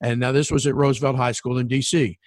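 Casting note: middle-aged male storyteller, lively and enthusiastic, dry close sound. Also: mid-range voice, fast talker, no echo. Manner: animated, enthusiastic storyteller with filler restarts. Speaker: sports broadcaster and former referee. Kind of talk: casual storytelling conversation.

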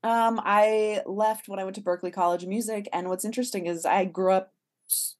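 A woman from Miami, a guest songwriter chatting casually, playful and quick to laugh, often trailing off and restarting. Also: medium pitch, fairly even intonation, a little mellow. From Miami, USA. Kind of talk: casual chat.

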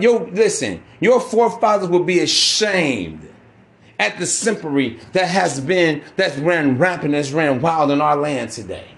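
A man hosting a podcast, delivering a brash, profane, preachy monologue. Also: fairly high pitch. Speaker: podcast host. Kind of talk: ranting monologue.

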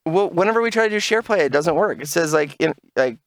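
A man co-hosting a casual podcast, telling stories with energy, acting out quotes, swearing and rising into shouts. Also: a little high, quick pace, dry recording. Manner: animated storyteller, acts out quotes, swears, rises to shouts. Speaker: podcast co-host. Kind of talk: casual chat.

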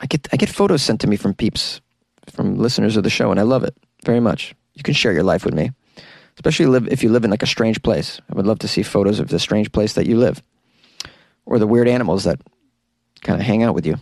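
A podcast host with a fairly low, creaky, slightly mellow voice talks quickly and with lively intonation during a loose outro chat. Recorded dry in a small closet, he wanders off topic, stumbles often, laughs at himself, and bursts into sung impressions.

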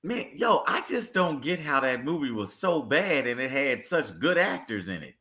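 Bright-voiced, laid-back man co-hosting. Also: mid-range voice, very animated, normal speed. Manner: laid-back, hesitant, lots of filler words. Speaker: podcast co-host. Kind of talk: casual movie review chat.

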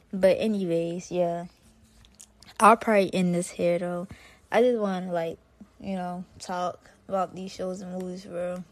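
A woman's voice: fairly low pitch, creaky. A woman hosting her own podcast, talking casually in a slangy, rambling way with lots of fillers. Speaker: podcast host. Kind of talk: casual solo podcast chat.

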